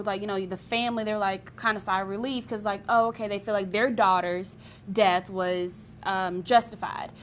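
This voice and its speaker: A woman's voice: mid-range voice, a bit bright, a little hiss or hum. A young woman chatting as a pop culture correspondent, rambling with lots of fillers. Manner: rambling, many fillers like "you know". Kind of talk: casual chat.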